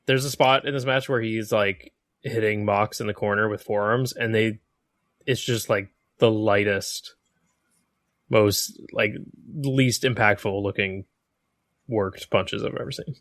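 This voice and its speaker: A man's voice: on the low side, fairly even intonation, a little slow, a bit bright, dry recording, studio quality. A man co-hosting a casual wrestling podcast, opinionated and mocking, sometimes mimicking wrestlers mid-rant. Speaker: podcast co-host.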